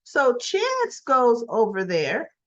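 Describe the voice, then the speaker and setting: A woman's voice: fairly high pitch, huge pitch swings, slow pace. A woman casually retelling a soap episode in a chatty way with frequent asides, in a dull lo-fi recording. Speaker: soap opera recap vlogger.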